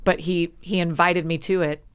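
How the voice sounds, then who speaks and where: A woman guest on a podcast, chatting casually and telling stories with animated energy and quick asides. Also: lowish voice, smooth. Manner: frequent laughs and quick asides. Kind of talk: casual conversation.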